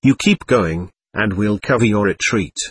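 A man's voice: fairly low pitch, lively intonation, unhurried, husky, no echo. A man voicing a weary male officer who pleads with a broken soldier to pull himself together, in a storybook reading. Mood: urgent.

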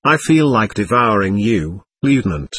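A man's voice: lowish voice, very animated, moderate pace, fairly bright tone, breathy edge, heavily acted. A man voicing a gaunt, starving male soldier who is bitter and menacing, with a sneering manner, in a storybook reading. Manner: sneering, roaring.

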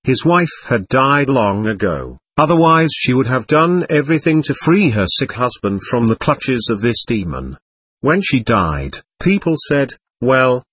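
Male narrator, husky, dry mic, solemn and measured reading. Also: mid-range voice, a bit bright, dry recording. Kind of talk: scripted narration of a visionary text.

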